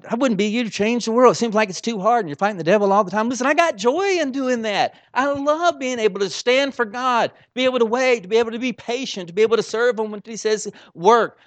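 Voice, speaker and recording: A man preaching a sermon, swinging between soft asides and loud exclamations in a folksy, informal way. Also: extremely high pitch, dry recording.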